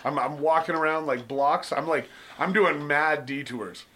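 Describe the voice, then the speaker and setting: A man's voice: on the high side, unhurried, fairly bright tone, slight background noise. A young man hosting a podcast in a laid-back, joking chat, swearing freely and laughing often. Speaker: podcast host. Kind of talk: casual chat.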